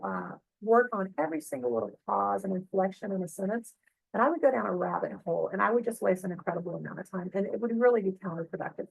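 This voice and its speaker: Gravelly-voiced woman teaching software. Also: medium pitch, no echo, poor audio. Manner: chatty, with many fillers and "okay?" check-ins. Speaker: librarian. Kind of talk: screen-share tutorial walkthrough.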